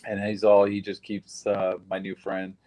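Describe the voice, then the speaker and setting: A man's voice: sits low, completely flat delivery, measured pace, dark tone, rough recording. A man giving a recorded witness interview about surviving a shooting, telling it in a blunt, plain-spoken way with some swearing.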